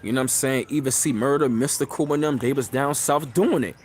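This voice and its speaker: A man hosting a casual live stream, talking loosely and repeating filler phrases, getting louder and higher when excited. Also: a little fast, a little hiss or hum. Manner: loose, rambling, repeats phrases like "you know what I'm saying". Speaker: channel host.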